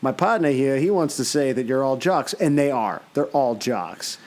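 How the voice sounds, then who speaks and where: A man co-hosting a podcast in casual chat, animated and mock-outraged, swearing a lot. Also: mid-range voice, normal speed. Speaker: podcast co-host.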